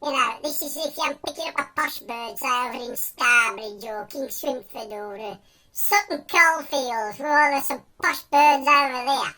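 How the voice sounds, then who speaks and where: A man's voice: very high voice, a little slow, bright, forceful tone, voice pushed up, full character voice. A man voicing a boastful young Black Country lad with a Black Country accent who thinks he is a babe magnet. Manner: boastful, chatty.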